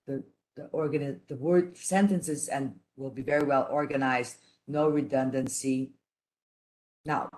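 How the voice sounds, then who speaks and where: A woman giving a teaching lecture, speaking in a careful, halting way with frequent restarts and pauses. She grew up speaking three languages at once. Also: extremely low pitch, a little mellow. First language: none, raised trilingual. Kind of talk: online lecture.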